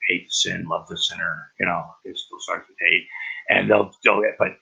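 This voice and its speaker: Gravelly man with a tense, sharp edge; halting, profane rambling, lo-fi recording. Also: deep voice, little pitch movement. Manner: halting, profane, many restarts. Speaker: vlogger. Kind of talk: rambling personal monologue. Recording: dull lo-fi recording.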